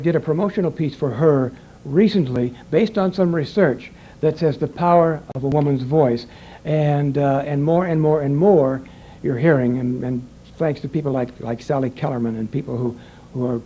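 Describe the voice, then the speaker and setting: A man's voice: mid-range voice, mellow, dull audio, a little hiss or hum. An older man who directs voiceover sessions, giving a rambling, conversational lecture to an audience and acting out exchanges from the studio.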